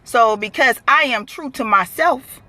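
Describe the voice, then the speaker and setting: Woman, casual storytelling, blunt, profane, fairly high, bright. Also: unhurried, dry recording. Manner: animated, blunt, profane, full of fillers.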